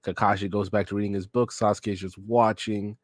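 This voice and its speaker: A man's voice: lowish voice, level tone, fairly quick, no echo, studio quality. A young man hosting a channel, retelling manga panels play-by-play in a casual, run-on way with incredulous joking asides. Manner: recounts panels in a run-on 'and then he's like' way. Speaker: host reading a manga aloud for the first time.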